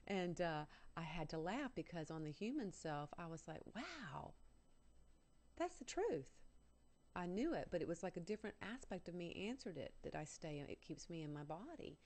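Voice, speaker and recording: A woman's voice: fairly low pitch, lively intonation, fairly quick, few pauses, a little mellow. A woman guest telling a personal story on a talk show, earnest and candid with self-mocking humor.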